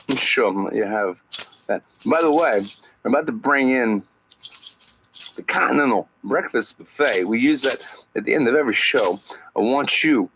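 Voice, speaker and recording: Man, podcast host, rambling, lively pitch, gravelly. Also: poor audio. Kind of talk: satirical podcast hosting.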